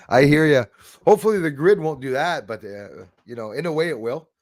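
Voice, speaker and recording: A man's voice: fairly high pitch, lively intonation, normal speed, dry recording. Chuckling male livestream host, dry sound. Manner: reads viewer comments aloud, chuckles often, rambles. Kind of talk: casual livestream chat.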